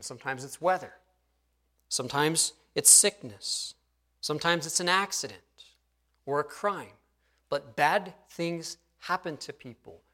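A middle-aged male pastor preaching a sermon in an earnest way, often dropping to a hushed tone to stress a point. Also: fairly high pitch.

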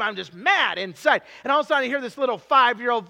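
A man in his forties preaching a sermon, telling stories with lots of restarts and sometimes dropping to a hushed, confessional tone. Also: very high voice, animated, fast talker, vocal fry, hardly any pauses. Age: 40s. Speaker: pastor.

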